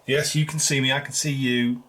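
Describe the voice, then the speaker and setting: A man's voice: mid-range voice, level tone, fairly quick, fairly bright tone, a little hiss or hum. A man chatting casually in a home video diary, rambling and self-mocking. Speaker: vlogger.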